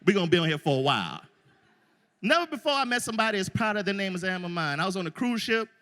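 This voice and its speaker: Male stand-up comic from Florida, high bright voice, loud crowd work, live show. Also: big pitch swings, very fast. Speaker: stand-up comedian. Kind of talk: stand-up comedy set. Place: live show before an audience.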